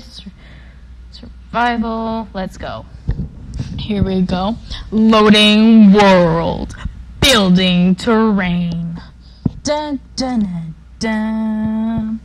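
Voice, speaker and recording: A woman giving casual, playful commentary while playing a video game. She jumps between loud outbursts and mumbled asides. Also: mid-range voice, a little hiss or hum, low-quality recording. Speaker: gaming YouTuber. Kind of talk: casual let's-play commentary.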